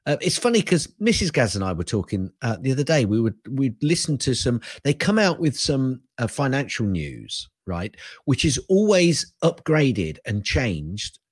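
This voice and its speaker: An older man chatting on a tech podcast in a husky voice that rises and falls a lot. He sounds wry and likes a rant, laughing as he goes. His mic sounds close and dry. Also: mid-range voice, sing-song, normal speed, few pauses, no echo. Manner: wry, ranting, laughs often. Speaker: podcast co-host. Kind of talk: casual tech podcast chat.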